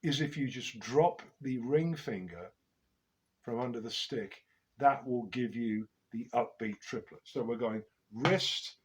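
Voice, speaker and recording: A man teaching a drum lesson, explaining grip technique in a measured way with frequent pauses and fillers. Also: medium pitch, a little mellow, low-quality recording.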